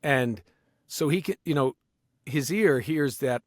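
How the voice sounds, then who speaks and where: A man, a voice actor, talking as a guest in a casual interview, animated and full of restarts, now and then sliding into accents. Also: mid-range voice, slow, dry recording, clean studio sound. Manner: animated, slips into accents and impressions, many restarts.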